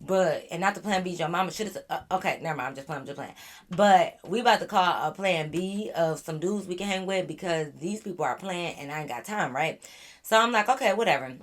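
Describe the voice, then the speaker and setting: A woman vlogger telling a story in a casual, animated, slangy way, with profanity and exasperated asides. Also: fairly low pitch, a little fast.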